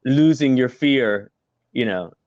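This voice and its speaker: A man's voice: medium pitch, animated, slow pace, darkish tone, no echo, dull audio. A middle-aged man, a former musical performer, telling stories as an interview guest in a chatty way, laughing often and using many fillers. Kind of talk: casual video-call interview.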